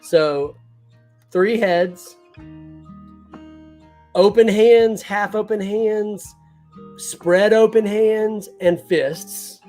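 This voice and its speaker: A man's voice: high voice, extremely slow, darkish tone, soft background music. A man hosting a casual live toy unboxing stream, enthusiastic and laid-back.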